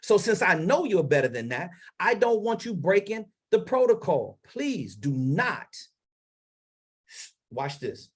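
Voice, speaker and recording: A man from Maryland coaching public speakers on a livestream, emphatic and blunt, with dramatic pauses and sudden swings from soft to loud, on a lavalier mic. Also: high voice, sing-song, slightly rough. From Maryland, United States.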